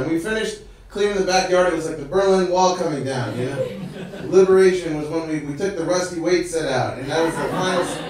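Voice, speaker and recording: A man from the United States doing stand-up storytelling in an animated, chuckling, conversational way at a live indoor event. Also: high-pitched, far from the mic. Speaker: stand-up comedian. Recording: echoey room, mic from afar, ambient noise.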